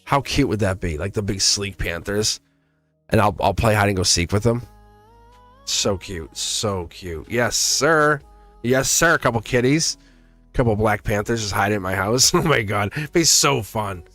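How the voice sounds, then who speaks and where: A man's voice: fairly low pitch, moderate pace, fairly bright tone, faint music behind. A man giving a casual live-stream tarot reading. He rambles, laughs often, and chats directly with his viewers. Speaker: tarot reader.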